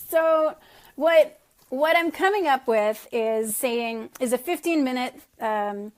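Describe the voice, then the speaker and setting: A woman's voice: high voice, lively intonation, slow, pauses often. A middle-aged woman leading her sales team on a casual call, chatty and self-deprecating, laughing often. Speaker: network marketing team leader.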